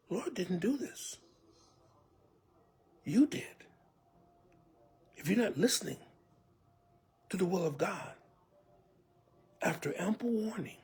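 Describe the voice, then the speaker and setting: In a vividly told sermon, a man serving as church elder keeps dropping into a hushed whisper and pleading asides. His voice sits high, with a breathy edge.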